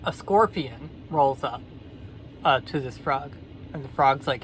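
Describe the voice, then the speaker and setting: A woman vlogger telling a fable in a casual, sardonic, rambling way with deadpan asides. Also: extremely low pitch, unhurried, a little hiss or hum. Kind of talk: casual storytelling commentary.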